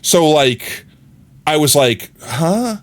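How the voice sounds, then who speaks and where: A man's voice: mid-range voice, expressive, fairly quick. A man live streaming from his own room, rambling casually and speaking straight to his chat.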